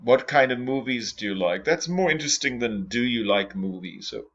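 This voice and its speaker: A man's voice: lowish voice, moderate pace, hardly any pauses, fairly bright tone. A man teaching an English class, patiently repeating example sentences and questions for his students. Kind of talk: classroom lesson explaining exam tips. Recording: dull lo-fi lecture recording.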